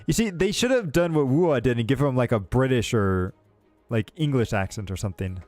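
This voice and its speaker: A man's voice: mid-range voice, expressive, a little fast, a little mellow, faint music behind. Chatty American man streaming a game. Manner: joking, chatty. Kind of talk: casual gameplay commentary.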